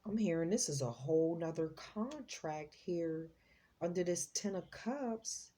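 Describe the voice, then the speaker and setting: Slow, low-voiced woman reading tarot. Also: lively intonation, mellow, breathy edge. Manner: chatty, slangy, exclaims as she reads the cards. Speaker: psychic tarot reader, host.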